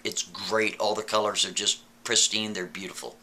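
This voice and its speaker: Dude doing a lady art client gushing about her painting, kinda low and soft. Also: level tone, moderate pace, rough recording. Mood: delighted. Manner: gushing, effusive.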